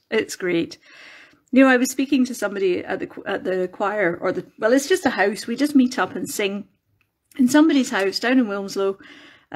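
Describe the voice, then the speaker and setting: Chatty woman crafting live. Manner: chatty, rambling, with many restarts and animated pitch jumps. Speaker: craft maker hosting a live video. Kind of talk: casual chat while crafting. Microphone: phone.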